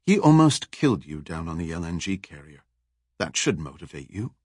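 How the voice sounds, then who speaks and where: A man's voice: sits low, big pitch swings, moderate pace, darkish tone, husky, no room sound, clean studio sound, voice pushed down, exaggerated voice. A man reading a ruthless female boss who gives cold, commanding orders.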